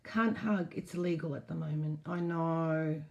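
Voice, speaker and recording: A woman's voice: low voice, unhurried, gravelly, darkish tone, lo-fi sound. A woman hosting a casual live stream, reading out viewer comments and answering them frankly. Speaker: host.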